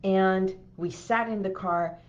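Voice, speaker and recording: A woman's voice: medium pitch, steady tone, slow pace, highs cut off. A middle-aged woman hypnotherapist gives a self-help talk, telling a personal story and often checking in with the listener with an "okay?".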